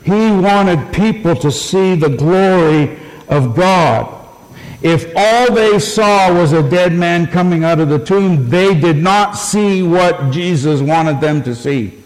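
Male pastor preaching, unhurried and emphatic, fairly high voice, long hall reverb. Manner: storytelling preacher, slow and emphatic. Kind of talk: sermon.

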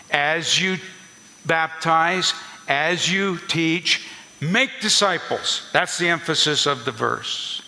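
Slow bright-voiced preacher in a hall. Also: male voice, a little high. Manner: earnest teaching preacher, emphatic repetition. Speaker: pastor. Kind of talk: sermon.

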